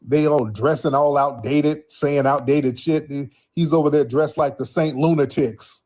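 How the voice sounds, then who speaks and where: Man hosting a livestream, husky, blunt, mocking callers. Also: medium pitch, a little mellow. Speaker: livestream host. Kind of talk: livestream commentary.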